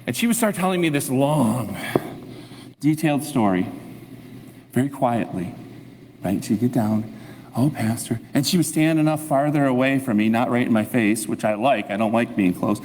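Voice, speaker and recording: A man's voice: mid-range voice, normal speed. Male pastor preaching in a reverberant church. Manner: lively storytelling, acting out his own inner thoughts. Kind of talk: sermon. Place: church sanctuary. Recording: long reverb of a church hall.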